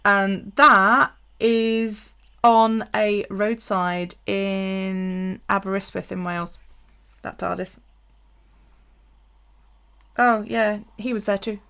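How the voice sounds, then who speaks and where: A woman's voice: medium pitch, steady tone, drawn-out words, long pauses, fairly bright tone, clean tone. A woman telling a story on a casual live stream, swearing freely and laughing as she goes. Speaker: bullet journal live streamer.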